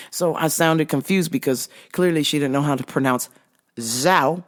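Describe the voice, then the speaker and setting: A woman in her forties telling a story in a casual rant, profane, animated and exasperated. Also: deep voice, moderate pace. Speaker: show host recounting her store job.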